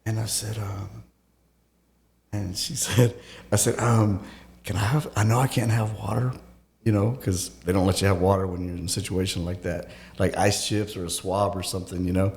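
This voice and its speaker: A man in an interview, a former teacher, telling his story in a halting, casual way, full of restarts and fillers. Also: on the low side, steady tone, vocal fry, darkish tone, echoey room. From Texas. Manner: halting, with many restarts and fillers, acts out quoted voices.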